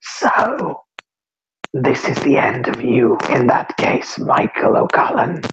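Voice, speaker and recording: A man voicing a seated male death spirit with a rasping, grating voice, in a roleplaying game. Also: mid-range voice, big pitch swings, slow pace, dull audio, background noise, heavily acted. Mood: menacing.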